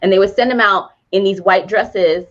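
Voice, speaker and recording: A woman co-hosting a podcast who retells a movie plot in casual chat, animated and laughing as she goes. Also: mid-range voice, normal speed, highs cut off. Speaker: podcast co-host.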